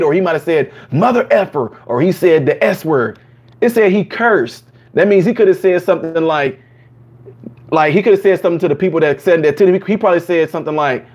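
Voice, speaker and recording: A man hosting a live chat stream, talking casually to viewers and acting out quotes in higher voices. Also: lo-fi sound. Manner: animated, acts out quotes in higher voices, laughs often.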